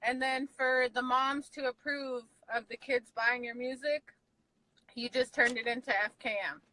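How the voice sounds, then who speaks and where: A woman's voice: sits high, steady tone, a little slow, bright, forceful tone, dry recording, poor audio. A woman interviewing a rapper in a casual, chatty way, hesitant and full of fillers.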